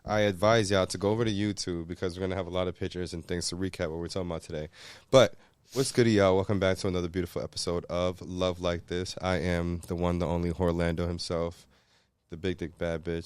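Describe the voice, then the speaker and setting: A Jamaican man hosting a laid-back podcast, joking around and breaking into patois. His voice sits low and comes across smooth and resonant. It is recorded dry, with no room sound. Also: a little mellow, no room sound. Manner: playful, slips into Jamaican patois when joking. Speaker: podcast host. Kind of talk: casual podcast chat.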